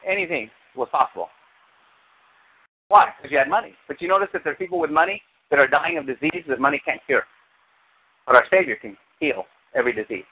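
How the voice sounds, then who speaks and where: A man preaching a sermon as pastor, animated, with sudden high exclamations. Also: brisk, creaky, husky. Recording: tinny phone-like sound.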